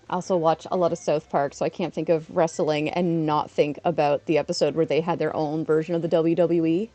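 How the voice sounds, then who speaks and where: A woman's voice: lowish voice, a little fast, dark tone. A woman in her thirties from Canada, chatting casually on a live stream while playing a game and laughing often.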